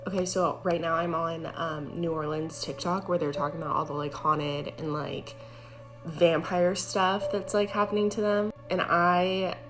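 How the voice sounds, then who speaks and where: A woman who used to be an EMT, telling a scary story in a casual, chatty way with lots of fillers, growing animated at the tense parts. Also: lowish voice, measured pace. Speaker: former EMT. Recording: music bed under voice. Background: background music.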